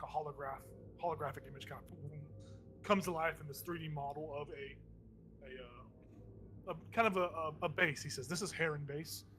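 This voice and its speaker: A man's voice: fairly high pitch, pushed and bright, slight background noise. Rambling male game master. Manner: rambling, many fillers and restarts. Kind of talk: narrating a tabletop game.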